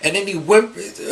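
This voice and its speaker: A man giving a Scripture reflection for a youth ministry, telling stories animatedly and acting out the people he quotes. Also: fairly high pitch. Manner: animated storytelling, quoting others in voices.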